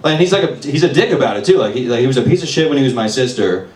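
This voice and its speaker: A man's voice: medium pitch, lively intonation, rapid-fire, a little mellow. A man in his twenties doing a stand-up set at an open mic, crude and self-deprecating in a sardonic way. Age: 20s. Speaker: stand-up comedian. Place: open mic in a bar room with audience. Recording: echoey room, distant mic, crowd laughter. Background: audience laughing.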